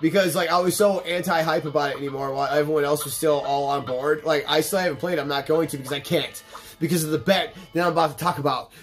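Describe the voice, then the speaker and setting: A man's voice: on the high side, fairly even intonation, fast. Rambling stoned young man over game music. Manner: rambling, profane, laid-back. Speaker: let's play host. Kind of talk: casual gameplay commentary.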